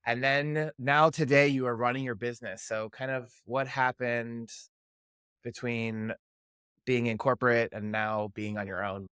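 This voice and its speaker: A man's voice: medium pitch, level tone, a little slow, a bit bright, smooth, no room sound, clean studio sound. A man hosting a podcast, asking questions in a chatty, encouraging way with small restarts. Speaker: podcast host. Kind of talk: casual interview talk.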